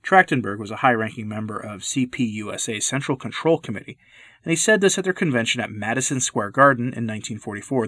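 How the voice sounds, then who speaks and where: A man giving earnest, measured scripted commentary, stressing key words as he reads. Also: medium pitch, a bit bright, no room sound.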